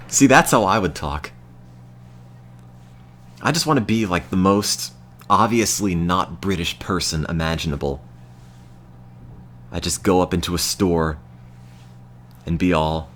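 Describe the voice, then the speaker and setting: An American man streaming a game, chatting to his viewers in a deadpan, self-mocking way. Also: deep voice, unhurried, pauses often, slight background noise. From United States. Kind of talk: casual gameplay commentary to chat.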